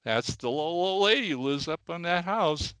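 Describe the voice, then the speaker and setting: A blunt little boy, as a man puts him on, flatly matter-of-fact. The voice is nudged a little higher than an adult's everyday speech. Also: normal speed, clear, resonant tone, dry recording.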